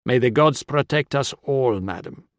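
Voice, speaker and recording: A man's voice: medium pitch, measured pace, no echo, studio quality, close to an everyday voice. A man voicing an anxious, apologetic, formal injured man with a skinny frame. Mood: earnest.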